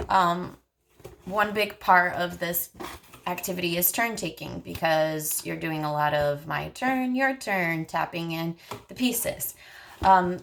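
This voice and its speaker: A woman's voice: lowish voice, fairly bright tone, slight background noise. A woman speech therapist coaching parents, patiently modeling short phrases in a sing-song voice. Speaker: speech-language pathologist.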